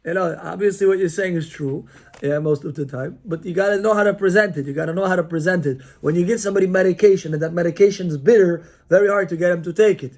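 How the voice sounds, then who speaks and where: High-voiced rabbi teaching with animation. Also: male voice, fast. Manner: animated teaching, acting out quoted dialogue, rhetorical questions; mixes Hebrew and Yiddish-style terms into English. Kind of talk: Torah class.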